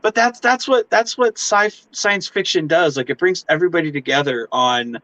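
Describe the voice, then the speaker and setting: A man hosting a casual interview chat, excitable and swearing, acting out little voices with big pitch jumps. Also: moderate pace, no room sound, rough recording. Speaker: host.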